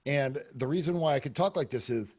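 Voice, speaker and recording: A man's voice: mid-range voice, a little fast, darkish tone, slightly rough, lo-fi sound. A man as a podcast guest, talking in a brash, profane, candid way with lots of fillers, close to the mic. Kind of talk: candid casual interview talk.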